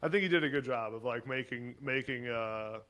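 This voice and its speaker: A man in his twenties, a podcast guest telling animated, chatty stories about his football days. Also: medium pitch, brisk. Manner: animated, chatty, lots of fillers and laughs. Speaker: podcast guest, former college football player. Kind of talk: casual storytelling chat.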